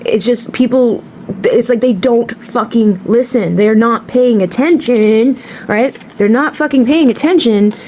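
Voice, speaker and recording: A woman's voice: on the high side, unhurried, a little mellow, slight background noise. A woman giving a tarot card reading to camera, talking bluntly and passionately and swearing freely. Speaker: tarot reader.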